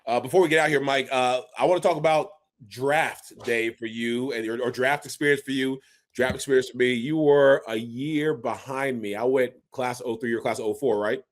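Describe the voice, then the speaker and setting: A man in his forties co-hosting a casual sports podcast, an animated storyteller who acts out quotes as he recalls his playing days. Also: medium pitch, moderate pace. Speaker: podcast co-host, former NFL fullback.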